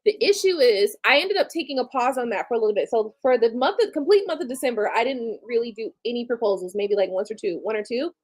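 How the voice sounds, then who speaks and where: Late-30s woman on a live stream, kinda high voice, blunt and candid, swears casually. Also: expressive, fast talker, few pauses, darkish tone. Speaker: livestream host.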